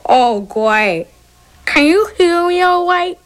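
A woman's voice: extremely high pitch, expressive, slow, full character voice. A woman voicing a wry, sarcastic schoolboy with new braces in a cartoon. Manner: dry, sarcastic.

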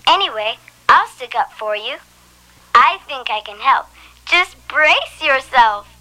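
A woman's voice: high voice, animated, takes it slowly, full character voice, poor audio. A woman voicing a friendly, supportive schoolgirl in a cartoon, with a teasing manner. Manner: warm, teasing.

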